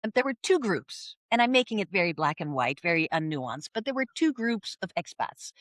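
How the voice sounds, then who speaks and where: A woman, a communication coach speaking lively as a podcast guest. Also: fairly low pitch, a little fast, no echo, studio quality. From Netherlands. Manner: lively, acts out quoted voices. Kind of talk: podcast interview.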